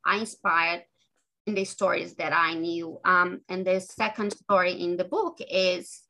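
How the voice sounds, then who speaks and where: A woman author talking earnestly as an interview guest, halting and restarting her sentences often. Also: lowish voice, fairly even intonation, pushed and bright, poor audio. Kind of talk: podcast interview conversation.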